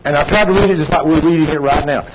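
A man preaching a sermon in a conversational, animated way, rising high for emphasis. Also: rapid-fire. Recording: muffled lo-fi recording with background noise.

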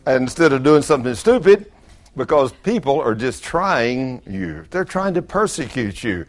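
A man's voice: mid-range voice, normal speed. An older man, preaching a folksy sermon full of acted-out stories. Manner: animated storyteller, acts out quotes loudly.

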